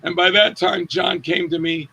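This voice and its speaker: Animated husky-voiced man telling stories. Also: high-pitched, normal speed. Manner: animated, acts out quotes with raised voice. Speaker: actor guest. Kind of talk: casual interview storytelling.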